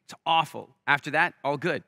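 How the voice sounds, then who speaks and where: A man's voice: on the high side, normal speed, creaky, no echo, clean studio sound. A man giving a motivational talk on a festival stage, telling stories energetically and acting out the people in them. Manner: energetic storyteller, acts out quoted voices. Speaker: keynote speaker.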